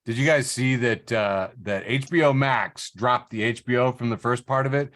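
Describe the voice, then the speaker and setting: A man's voice: mid-range voice, normal speed, fairly bright tone, no room sound. A man hosting a podcast in casual chat, joking, laughing and reading out social media posts. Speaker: podcast host.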